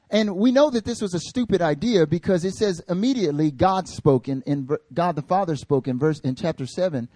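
A man's voice: high-pitched, brisk, hardly any pauses, no echo, studio quality. A male pastor telling funny stories in a sermon, joking with his congregation. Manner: animated, jokey, talks to the congregation. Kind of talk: comedic sermon storytelling.

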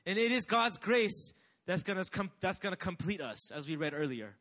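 A man's voice: high-pitched, sing-song, moderate pace, bright, forceful tone. A young man preaching a sermon with energy, calling on the congregation to respond. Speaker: pastor.

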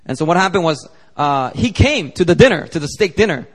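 A pastor preaching a sermon, telling a story animatedly and acting out the dialogue. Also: male voice, on the high side, sing-song, fairly quick. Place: church sanctuary. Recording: long church hall reverb.

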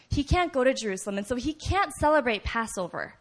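A woman preaching a sermon, telling the story in a lively, conversational way, often asking "right?" and acting out shouts. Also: a little high, fast talker. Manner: animated storytelling, acts out voices and shouts; conversational, frequent "right?" asides.

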